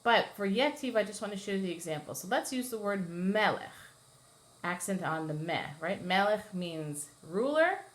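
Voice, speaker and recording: Speaking at a moderate pace in an expressive mid-range voice, a woman cantor leads a lesson on chanting Torah. She patiently walks through the material and illustrates it with brief sung examples.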